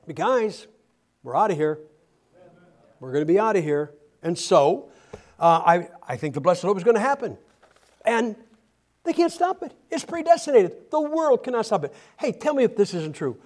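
A male preacher with a notably high-pitched voice delivers a lively, joking sermon. He stumbles over his words and repeats himself as he reads from scripture. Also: normal speed. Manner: animated, humorous, with frequent restarts.

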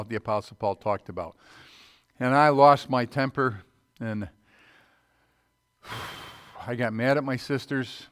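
A man's voice: mid-range voice, a bit bright, no room sound. Man preaching a dry, close sermon. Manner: reads scripture aloud, checks in with "Okay?".

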